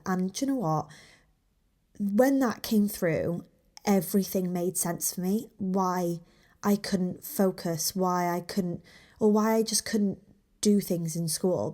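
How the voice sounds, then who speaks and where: Candid woman, soft whispered asides. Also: fairly low pitch. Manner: open and heartfelt, with many restarts and soft whispered asides. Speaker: podcast host, small business owner. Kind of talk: candid solo podcast talk.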